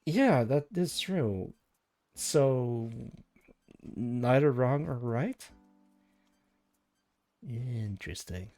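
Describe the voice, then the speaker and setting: A man's voice: medium pitch, animated, very slow, long pauses, darkish tone, dry recording, soft background music. A man streaming live, chatting casually and thinking aloud as he rambles through tangents with his viewers.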